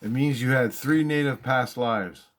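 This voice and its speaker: A man briefly voicing his calm, matter-of-fact female coworker while retelling a story. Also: medium pitch, unhurried, voice pushed up, natural voice.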